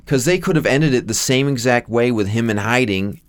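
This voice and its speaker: A man's voice: medium pitch, a little fast, clean tone, no room sound, clean studio sound. A man co-hosting a casual movie review podcast, laid-back and dryly opinionated. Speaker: podcast co-host.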